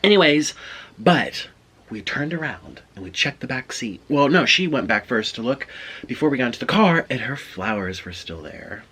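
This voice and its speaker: A man's voice: medium pitch, big pitch swings, normal speed, sharp tone, a little hiss or hum. A man vlogging, telling a chatty story in a casual way between bites of food. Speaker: mukbang vlogger. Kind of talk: casual storytelling while eating.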